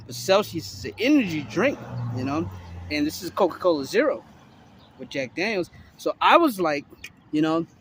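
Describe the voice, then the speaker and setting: A man in his forties from Miami, Florida, rambles to camera out on a city street, swearing freely and padding every thought with fillers. His voice sits a little high for a man. Faint traffic hums behind him. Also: sing-song, moderate pace. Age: 40s. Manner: loose, profane, heavy filler talk. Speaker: vlogger. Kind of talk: rambling casual monologue to camera.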